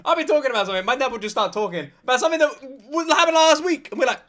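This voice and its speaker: Excitable British guy reacting, lively voice. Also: sits high, racing, few pauses. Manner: excitable, joking, laughs a lot. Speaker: reaction video host. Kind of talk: casual reaction commentary.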